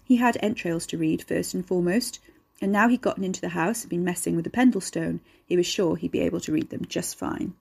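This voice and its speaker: A woman, reading a dark story aloud at a steady, measured pace. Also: fairly low pitch, creaky, slightly rough. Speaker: narrator. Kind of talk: storytelling narration.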